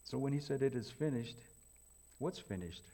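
A man preaching a folksy sermon, swinging from loud emphatic questions to hushed, near-whispered lines. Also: mid-range voice, expressive, moderate pace. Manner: folksy, repetitive, addresses congregation as folks.

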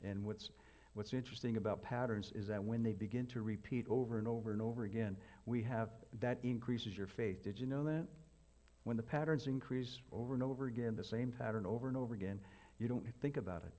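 A man preaching a folksy sermon, swinging from loud emphatic questions to hushed, near-whispered lines. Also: medium pitch, fairly even intonation, brisk. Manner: folksy, repetitive, addresses congregation as folks.

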